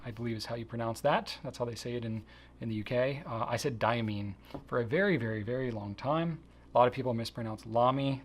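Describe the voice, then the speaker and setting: A man's voice: medium pitch, a bit bright. A middle-aged man hosting a casual video Q&A, chatty and self-deprecating, with lots of fillers. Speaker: host answering viewer questions.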